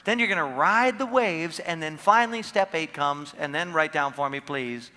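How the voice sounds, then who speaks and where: Bright-voiced animated man in a hall. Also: a little high, moderate pace. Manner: animated storyteller, playful, acts out quotes. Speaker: seminar speaker. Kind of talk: motivational seminar talk. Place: large hall with audience.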